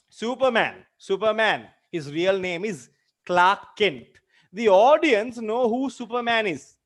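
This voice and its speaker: With a high, fairly bright voice, a man gives an online literature lecture. He works through terms by repeating examples several times and questions students directly.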